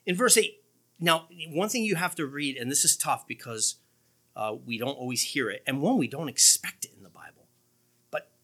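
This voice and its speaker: A male preacher delivering a sermon with a bright, forward voice. His delivery swings widely in pitch, and he leans hard into sarcastic lines and throws in quick remarks to the congregation. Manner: animated, sarcastic emphasis, quick asides to the congregation. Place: church.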